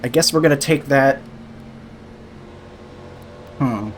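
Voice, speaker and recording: A man giving casual live commentary while sim racing from home, thinking aloud, a little out of breath, laughing softly at himself. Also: mid-range voice, slow pace, slight background noise. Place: room at home.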